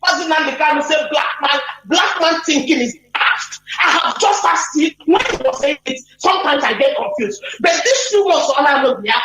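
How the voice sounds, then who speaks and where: Shouting, high-voiced woman caller. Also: lively intonation, moderate pace, few pauses. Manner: emotional, repetitive, shouting outbursts. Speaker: radio call-in caller. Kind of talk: impassioned call-in rant. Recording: echoey, noisy phone-in line.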